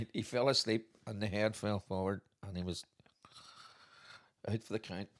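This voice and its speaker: A middle-aged man, co-hosting a podcast and telling stories in a lively way, laughing often. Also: fairly low pitch, normal speed. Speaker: podcast co-host, father. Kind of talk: casual storytelling chat.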